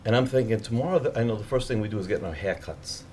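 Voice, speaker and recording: A man's voice: fairly low pitch, very fast, darkish tone, slight background noise. A man telling a story to a live audience, casually swearing and acting out the people he quotes in a raised voice.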